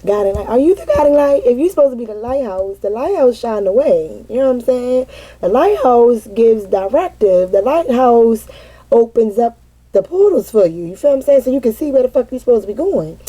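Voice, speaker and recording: A middle-aged mother telling a candid, casual personal story, animated and peppered with cursing. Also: fairly high pitch, fairly quick, rough recording. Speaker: mother sharing parenting experience.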